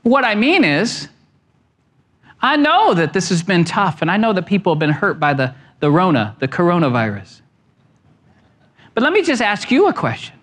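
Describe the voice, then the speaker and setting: A man preaching a sermon as pastor, animated, with wide swings in pitch and emphatic questions. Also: normal speed, pauses often.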